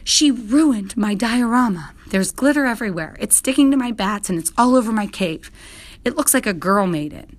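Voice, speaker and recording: A woman voicing an anxious young boy in a storybook reading, high and loud. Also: expressive, normal speed, lightly acted. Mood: upset.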